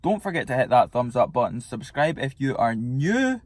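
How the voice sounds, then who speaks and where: Young male fitness vlogger; casual, blunt, sweary; medium pitch, dry room. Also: very animated, moderate pace, no room sound. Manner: laid-back, swears freely. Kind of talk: casual vlog chat.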